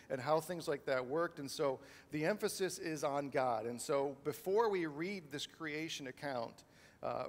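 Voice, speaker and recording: A man's voice: fairly high pitch, long reverb tail. A man preaching a sermon as a pastor, talking in a conversational way with many fillers and restarts. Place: church sanctuary.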